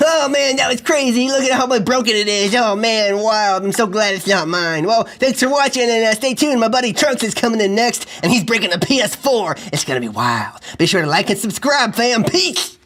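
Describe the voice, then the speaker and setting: A man voicing a goofy, excitable young puppet guy who jokes and overreacts in a kids' puppet comedy. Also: high-pitched, fairly quick, hardly any pauses. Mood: vlogger hype. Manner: clumsy, dramatic, joking. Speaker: puppet vlogger.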